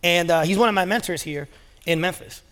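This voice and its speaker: Fairly quick and fairly bright, a high-pitched man preaches as pastor, telling stories loosely with lots of fillers. The long reverb shows he's in a large church auditorium.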